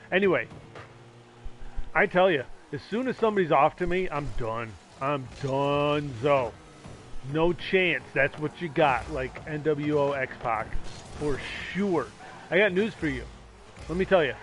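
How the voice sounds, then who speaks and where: Sarcastic guy rambling on a game stream, kinda high voice, some faint noise behind him. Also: animated, measured pace. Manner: rambling, sarcastic, yelling at teammates. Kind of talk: casual gaming stream chat.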